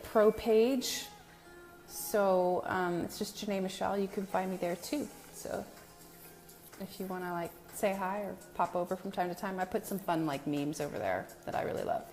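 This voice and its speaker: Gravelly-voiced woman chatting on a live stream, greeting folks by name, faint music in the back. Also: mid-range voice, fairly even intonation, moderate pace. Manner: chatty, greets viewers by name, self-deprecating. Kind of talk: casual live chat with viewers. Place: new home with a brick wall, indoors.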